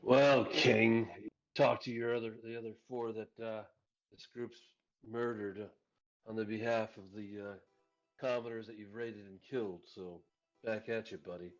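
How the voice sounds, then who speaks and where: A man's voice: fairly low pitch, fairly even intonation, measured pace, soft background music. A man playing in a tabletop game, tossing out joking, wry asides. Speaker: player. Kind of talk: casual tabletop game play. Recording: dull lo-fi recording.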